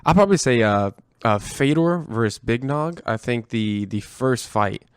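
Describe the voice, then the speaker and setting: A man's voice: mid-range voice, expressive, normal speed, clean tone, no room sound, clean studio sound. A man who coaches martial arts, chatting enthusiastically with plenty of fillers. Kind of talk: casual conversation.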